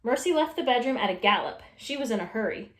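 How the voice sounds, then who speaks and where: A woman reading a children's storybook aloud with expressive, animated storytelling. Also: a little high, fast talker. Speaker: storytime reader. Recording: echoey room.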